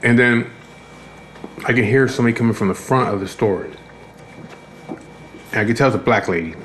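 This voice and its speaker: This vlogger speaks briskly in a mid-range voice with a fairly bright tone, over slight background noise. Tired and fed up, he casually rambles through a profane account of his day, frequently starting over.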